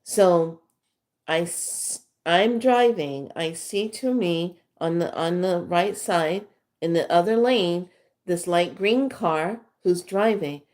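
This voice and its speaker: A woman's voice: lowish voice, takes it slowly, darkish tone. A middle-aged woman, a spiritual teacher, telling rambling, chatty stories to her followers with fillers and acted-out quotes. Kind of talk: casual storytelling to followers.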